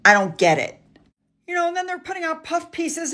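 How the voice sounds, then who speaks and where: A woman's voice: very high-pitched, sing-song, a little fast, sharp tone. A woman hosting a podcast, giving sarcastic, opinionated commentary. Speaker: podcast host.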